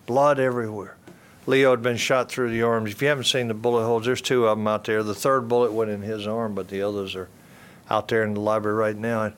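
A man's voice: fairly low pitch, level tone, quick pace, clean tone. Older man giving earnest testimony. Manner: earnest storytelling with repeated phrases and restarts. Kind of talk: personal testimony talk.

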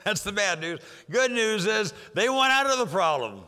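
An older man preaching with a high, bright voice that carries through a reverberant hall. He delivers his sermon emphatically, repeating key phrases, slowing down to stress some lines and dropping others low. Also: big pitch swings. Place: church sanctuary.

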